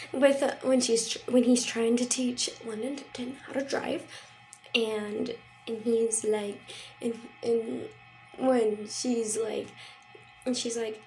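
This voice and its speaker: A woman's voice: sits high, vocal fry, a little mellow, poor audio. A young woman vlogging in a casual, rambling way, full of fillers and quoted asides. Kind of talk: casual chat.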